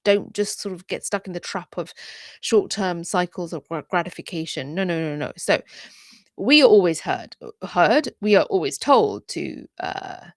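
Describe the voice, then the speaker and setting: A woman, hosting an advice vlog in a chatty, emphatic way with hushed asides. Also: on the low side, lively intonation, moderate pace, no room sound, clean studio sound. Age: 40s. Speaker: creator coach and channel host. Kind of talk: direct-to-camera advice vlog.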